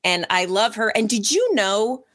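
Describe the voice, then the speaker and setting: A young woman in casual conversation, chatty and expressive, with a voice that sits at an ordinary middle pitch. She tells stories with lively swings and throws in little voices for the people in them. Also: measured pace. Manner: chatty and animated, acts out voices in her stories. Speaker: podcast co-host and former radio interviewer. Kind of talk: casual storytelling chat.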